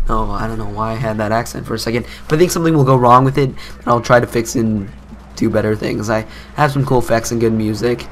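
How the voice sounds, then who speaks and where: A man's voice: mid-range voice, quick pace, a little hiss or hum. A teenage boy doing casual gameplay commentary, telling a story in a rambling, self-mocking way. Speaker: gaming commentator.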